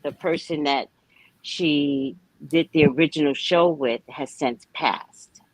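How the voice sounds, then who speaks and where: A woman co-hosting a live tarot reading, chatting casually and telling stories in an animated, expressive way. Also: low voice, slow, dry recording, low-quality recording. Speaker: tarot reader co-host.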